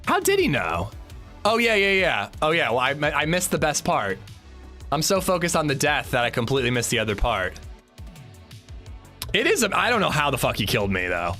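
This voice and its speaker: Animated, lively-pitched male game streamer. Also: normal speed, faint music behind. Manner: animated, swears freely, laughs loudly. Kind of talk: casual livestream chat while gaming.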